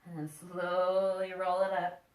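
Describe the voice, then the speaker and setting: A woman's voice: lowish voice, monotone, unhurried. A woman teaching a children's yoga class, playful and encouraging as she guides them through poses and breathing. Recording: echoey room, mic at a distance.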